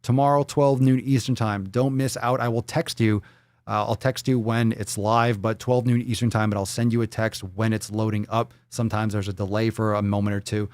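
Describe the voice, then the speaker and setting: A man's voice: on the low side, little pitch movement, normal speed, no room sound. Profane, playful man hosting a livestream. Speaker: livestream fitness show host. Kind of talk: casual livestream banter.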